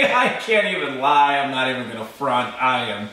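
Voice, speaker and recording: A man's voice: medium pitch, sing-song, normal speed, pushed and bright. A man hosting a music reaction video, gushing and exclaiming with emotion as he reacts. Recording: echoey room from a distance with faint ambience.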